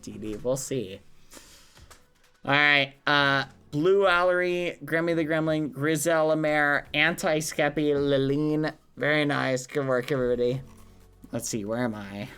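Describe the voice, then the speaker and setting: Excitable streamer man, unhurried. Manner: excitable, squeals high when surprised, swaps swears for silly words. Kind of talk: live game stream commentary to chat.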